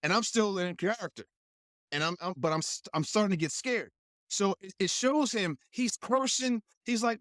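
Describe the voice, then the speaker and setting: Animated man telling a story. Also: sits high, normal speed, no room sound, clean studio sound. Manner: animated, acts out quoted voices, laughs often. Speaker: guest actor and stuntman. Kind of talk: storytelling in casual chat.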